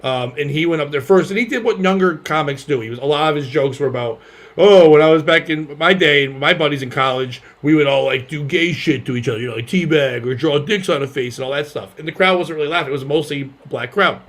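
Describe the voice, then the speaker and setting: A man's voice: on the high side, fast talker, few pauses. A male comedian and podcast host telling a story in casual banter and acting out the people in it. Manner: animated, acts out other voices loudly.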